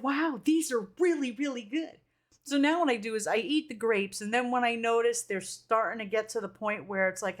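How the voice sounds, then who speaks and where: A woman on a live stream chats casually, reading viewers' comments aloud and talking animatedly with an occasional swear word. Her voice sits on the higher side.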